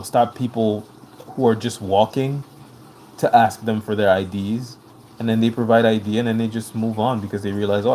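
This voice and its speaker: A man's voice: fairly low pitch, darkish tone, a little hiss or hum, low-quality recording. A man with an accent hosting a live stream, reading viewer comments aloud and answering them in an earnest way, often repeating himself to make a point. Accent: non-native English accent. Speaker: livestream host.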